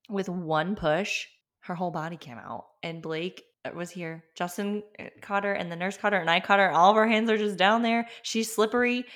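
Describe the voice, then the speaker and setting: A woman, hosting a podcast and telling a personal story in an animated, chatty way. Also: fairly low pitch. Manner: animated, chatty, lots of fillers. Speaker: podcast host.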